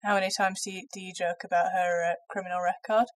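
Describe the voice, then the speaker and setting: A woman from England holds forth on a casual comedy podcast, full of swearing and laughter. She has a slight cold. Her telling is animated and playful. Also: lowish voice, quick pace. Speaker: podcast co-host.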